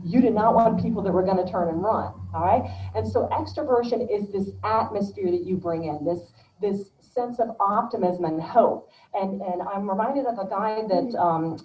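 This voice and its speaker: A middle-aged woman giving a motivational speech as a guest speaker at a club meeting, telling stories in a lively, folksy, humorous way. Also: medium pitch, slight background noise. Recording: roomy, distant, dull-sounding room recording.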